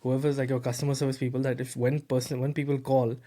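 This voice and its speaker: A man hosting a tech podcast, telling a story in a lively, casual way with lots of fillers and repeated words. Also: medium pitch, quick pace. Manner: animated, repeats words, heavy fillers like "bro" and "you know". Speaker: podcast host.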